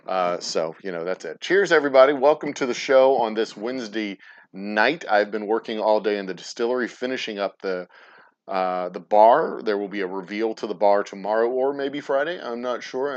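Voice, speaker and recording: Rambling man, low voice. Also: lo-fi sound. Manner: rambling, profane, stumbles and restarts often. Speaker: host of a distillery livestream. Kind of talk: casual livestream chat. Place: room in his distillery. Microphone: plugged-in mic at the desk.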